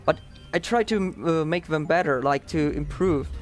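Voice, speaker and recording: A man's voice: on the high side, moderate pace, soft background music. A man with a Dutch accent giving chatty, upbeat live commentary on his own speedrun, explaining as he plays.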